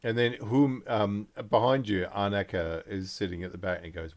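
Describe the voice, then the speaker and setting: A man's voice: on the low side, steady tone, normal speed. A man narrating a tabletop game as game master, describing scenes hesitantly with many fillers.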